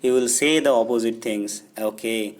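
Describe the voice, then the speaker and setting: A man's voice: mid-range voice, normal speed. Indian-accented man teaching a poem. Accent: Indian English. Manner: explains step by step, often checks in with "okay?"; repeats and rephrases words while explaining. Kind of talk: explaining a poem to students.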